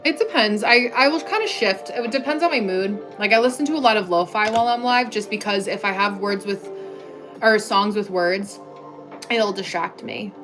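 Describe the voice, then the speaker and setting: Music plays in the background while a young woman from the US, at a moderate pace and in a mid-range voice, hosts a casual stream. She reads viewer comments and answers chattily on a clip-on mic, filling her speech with "like."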